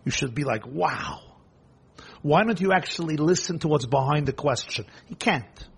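A rabbi delivering a sermon, telling a story in animated storytelling style with rapid bursts of emphasis. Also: male voice, fairly high pitch, breathy edge.

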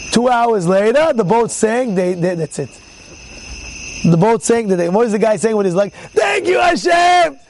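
Man, rabbi, high-pitched, informal Torah class, animated storytelling, repeats words. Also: normal speed, a little hiss or hum, low-quality recording.

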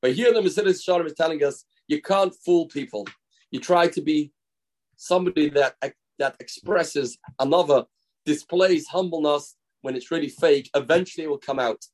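Rabbi guy doing his daily lesson, tells stories, acts out quotes, somewhat high voice. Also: normal speed, darkish tone. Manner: explains with stories and acted-out quotes. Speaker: rabbi teaching a daily class. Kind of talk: Torah lesson with storytelling.

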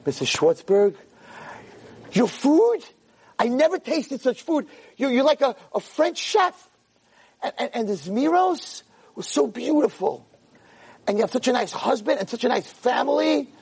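A man doing a gushing teenage girl, high and gushing. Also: big pitch swings, normal speed, gravelly, few pauses, slightly rough, exaggerated voice. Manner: effusive, admiring.

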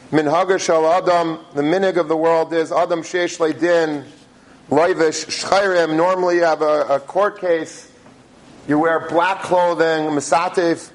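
A man giving a religious talk, telling a story in a halting way with many restarts. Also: fairly high pitch, rough recording. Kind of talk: sermon storytelling.

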